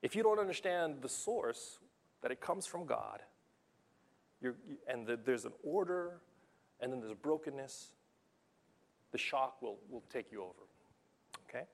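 A young adult man preaching a sermon in a conversational, animated way, telling stories from his coaching and acting out what people say. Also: medium pitch, unhurried, gravelly, long pauses. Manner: conversational, animated storytelling with acted-out quotes. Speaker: pastor and basketball coach.

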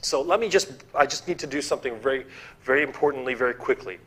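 A man's voice: mid-range voice, fast, a bit bright, slightly rough. A man preaching a sermon in a church, posing rhetorical questions, repeating key phrases and restarting words.

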